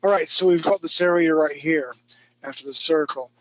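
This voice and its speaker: A man's voice: on the high side, moderate pace, a bit bright, rough recording. A man teaching a live online drawing class, chatty and self-mocking as he talks through each stroke. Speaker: drawing instructor.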